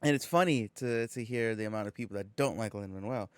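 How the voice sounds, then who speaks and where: A man's voice: lowish voice, quick pace, clean tone, no echo, studio quality. A man hosting a podcast in casual chat, playful and blunt with showy introductions. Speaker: podcast host.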